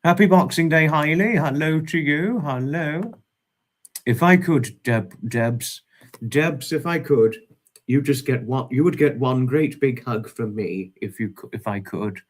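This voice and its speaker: A man hosting a casual livestream, greeting viewers by name with fond, repeated hellos in a drawn-out way. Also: medium pitch. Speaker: livestream host.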